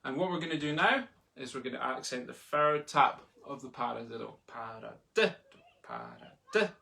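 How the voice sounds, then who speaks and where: A man's voice: mid-range voice, brisk, creaky. A man teaching a live online drumming lesson from home, chatty and chanting the sticking aloud as he plays. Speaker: drumming tutor. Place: home room. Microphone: laptop in front of him. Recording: noisy, with drumstick clicks behind.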